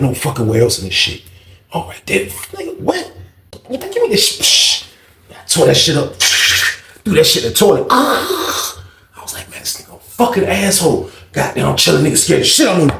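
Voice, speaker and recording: Creaky and fairly high in pitch, this man's voice carries in a reverberant space as he tells a storytime tale. He's a storytelling channel host whose animated delivery mixes heavy slang and profanity with shifting voices for each person's lines.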